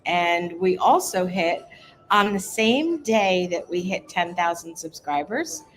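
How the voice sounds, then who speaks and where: A middle-aged woman co-hosting a casual travel livestream, chatting warmly with viewers by name and rambling through small details. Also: lowish voice, animated, slow pace, a little hiss or hum, poor audio. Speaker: cohost of a cruise travel livestream. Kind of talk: casual live chat reading viewer comments.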